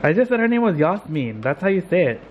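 A man's voice: sits high, big pitch swings, fast, phone-quality sound. A man vlogging at home, teasing his family with a playful, laughing manner. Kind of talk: casual family chat. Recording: noisy home recording.

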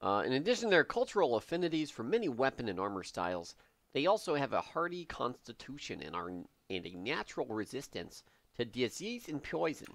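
A man streaming a game who thinks aloud and jokes as he goes. His pitch jumps around a lot and his voice is bright. The sound is dry and close. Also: a little fast, gravelly, dry recording. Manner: excitable, joking, thinking aloud. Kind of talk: live gameplay commentary.

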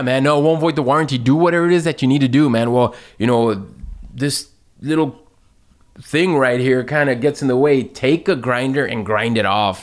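Brief: relaxed male company owner, casual chatty delivery, mid-pitched, frequent laughs. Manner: laid-back, says "man" and "dude" often, laughs a lot. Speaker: company owner answering viewer questions. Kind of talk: casual chat.

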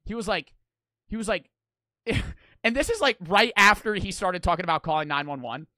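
A young man streams and chats casually, rambling and swearing through an animated story. His voice sits a bit high and bright. The sound is dry and close. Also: moderate pace, no echo.

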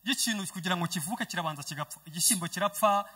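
High, fast, bright male preacher in a reverberant hall. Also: husky. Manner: emphatic, preaching in short bursts for the interpreter. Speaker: evangelist preacher. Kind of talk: sermon with live interpretation. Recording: long church hall reverb.

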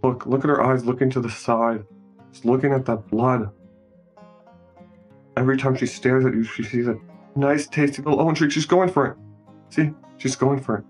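A man giving a casual, joking movie recap, commenting on each scene as it unfolds. His voice sits in an ordinary middle range. Soft music plays faintly in the background. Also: medium pitch, fairly even intonation, moderate pace, pauses often, slightly rough. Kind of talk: casual improvised movie narration.

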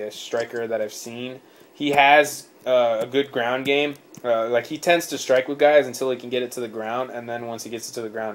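A man's voice: mid-range voice, a little hiss or hum. A man hosting a casual sports podcast, rambling with many fillers, swearing and laughing often. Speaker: podcast host. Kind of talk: casual chat.

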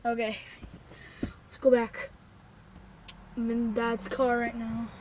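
A woman vlogging from in and around a car, jumpy and playful, swinging between hushed whispers and loud exclamations. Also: fairly high pitch, monotone, slow pace. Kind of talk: playful make-believe vlog. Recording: noisy handheld recording.

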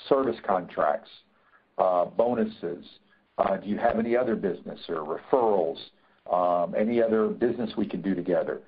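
A man with a fairly low voice and a breathy edge coaches viewers on negotiation during a webinar. He's forceful in delivery, repeats what matters most, and uses plenty of fillers, with sound that's tinny and phone-like.

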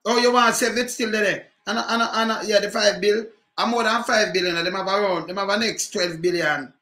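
A man's voice: sits high, moderate pace, reverberant. A man with a Jamaican accent, commenting on politics in patois with rhetorical questions. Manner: animated patois ranting, repeated rhetorical questions.

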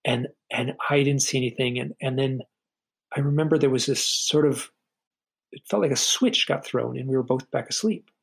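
A middle-aged man, a podcast guest, telling a personal story in an earnest, halting way, often repeating a word as he starts a sentence. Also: medium pitch, creaky, husky, low-quality recording.

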